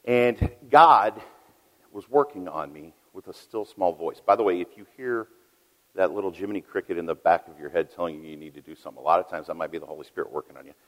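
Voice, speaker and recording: A middle-aged man preaching a sermon as a pastor, telling a story that swings between loud emphasis and hushed asides. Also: sits low, fast talker. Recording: long reverb of a large hall.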